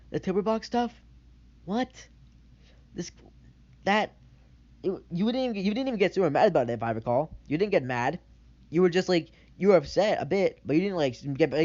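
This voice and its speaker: A young man speaks in a rambling, defensive monologue, circling back to repeat his points. His voice sits a little high. The recording is muffled and lo-fi. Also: a little mellow. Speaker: channel creator. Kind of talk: rebuttal video monologue. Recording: dull lo-fi mic.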